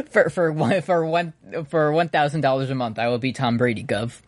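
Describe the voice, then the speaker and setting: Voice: medium pitch, normal speed, no room sound. A podcast co-host in a casual outro, joking and laughing often while rattling off long lists of names.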